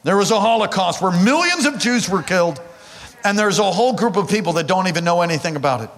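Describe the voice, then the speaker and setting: Animated high-voiced male preacher in a hall. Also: fast talker. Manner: animated, addresses congregation directly. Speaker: pastor. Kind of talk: sermon with personal storytelling. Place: large hall or church.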